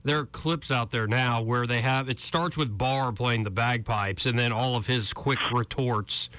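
A man's voice: medium pitch, fairly even intonation, measured pace, sharp tone, no echo. A man hosting a call-in talk radio show, casual and wry, laughing through mocking asides.

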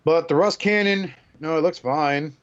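A man's voice: fairly high pitch, a little slow, no echo, muffled recording. A man hosting a casual podcast, retelling movie scenes in a crude joking way. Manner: crude joking retelling with put-on character voices. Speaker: podcast host.

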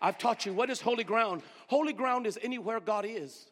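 A man in the pulpit, a pastor, preaching with call-and-response, fervent repetition, hushed whispers and rising shouts. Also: high voice, a little fast, in a large hall. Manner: drops to hushed whispers for emphasis; fervent, repeats phrases. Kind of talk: sermon. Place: church sanctuary.

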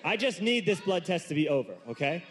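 A man doing stand-up comedy, telling a self-mocking story with animated outbursts. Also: high-pitched, fairly quick. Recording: noisy live recording with room ambience.

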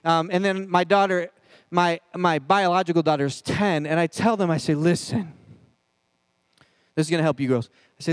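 High-voiced, lively man preaching. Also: normal speed, clean tone, no room sound. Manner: animated, jokey, talks straight to the crowd. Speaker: pastor. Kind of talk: comedic youth sermon.

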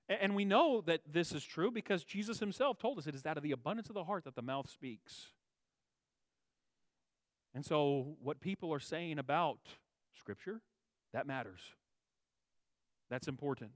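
A man delivers a sermon in a somewhat high voice, recorded dry and close with no room sound. He repeats and rephrases his points, leaning hard on stressed words before dropping low and soft. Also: dry recording. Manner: emphatic, swings between raised stresses and quiet low asides; repeats and restates phrases for emphasis. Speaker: pastor.

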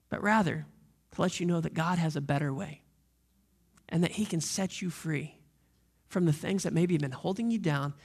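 A man's voice: a little high, vocal fry, darkish tone, husky. A man preaching a sermon as lead pastor, earnest and direct with his listeners.

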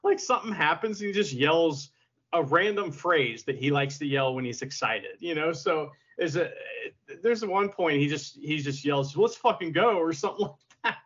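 A husky man with a fairly high voice talks loosely as a podcast co-host, laughing often and slipping into goofy voices when he quotes people. The sound is dull and lo-fi. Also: normal speed, fairly bright tone. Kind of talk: casual chat.

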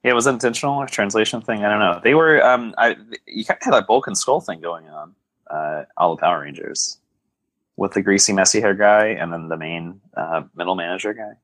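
A man's voice: lowish voice, brisk, fairly bright tone, no room sound, low-quality recording. A man co-hosting a podcast, chatting casually about a film in a rambling way with dry, wry remarks and plenty of fillers. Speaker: podcast co-host. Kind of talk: casual film-discussion chat.

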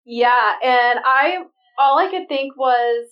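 A woman's voice: high-pitched, slow pace, far from the mic, highs cut off. A woman co-hosting a podcast, chatting casually and giggling often. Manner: giggly, relaxed commentary. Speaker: podcast co-host. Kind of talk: casual chat.

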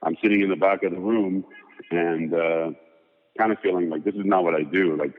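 A man's voice: sits low, fairly quick. A man as an interview guest, casually telling a long rambling story with lots of fillers. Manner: rambling, animated anecdote with many fillers. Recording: tinny phone-like sound with long reverb.

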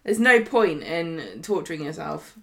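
A woman's voice: low-pitched, sing-song, a little slow, gravelly, a crowd in the background. Dry, teasing British woman quizmaster. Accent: British English. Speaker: podcast co-host, quizmaster. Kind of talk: casual chat, reading quiz questions.

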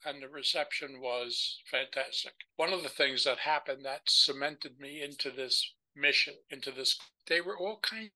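An older man, a podcast guest, telling stories in a lively way and acting out the people he quotes. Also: mid-range voice, normal speed, hardly any pauses, poor audio. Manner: animated storyteller who acts out the voices of the people he quotes. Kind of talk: storytelling conversation.

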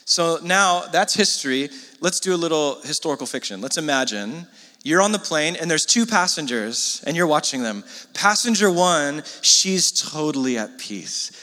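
A man's voice: on the high side, expressive, moderate pace, pushed and bright. A man preaching a sermon to a congregation, talking to them in a casual way with frequent asides. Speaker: pastor. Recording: long hall reverb.

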